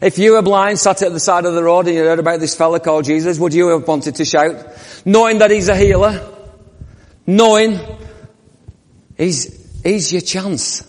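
A man's voice: high voice, brisk. A man preaching a sermon, telling the story vividly and asking the congregation questions. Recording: long reverb of a church hall.

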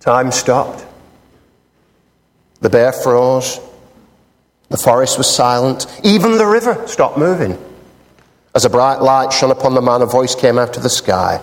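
A man's voice: mid-range voice, lively intonation, measured pace, long pauses. A man preaching a sermon in a church hall, telling a joke and teasing the congregation playfully. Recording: long hall reverb.

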